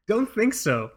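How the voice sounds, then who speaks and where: A man telling a workplace story on a podcast, his voice climbing and swooping as he acts out each person. He laughs often and keeps it loose and casual, in a fairly high register. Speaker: podcast host.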